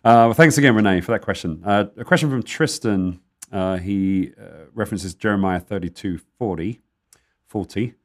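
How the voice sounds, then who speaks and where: Low-voiced man reading out questions. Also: a little fast. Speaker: co-host reading viewer questions. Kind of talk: casual show talk.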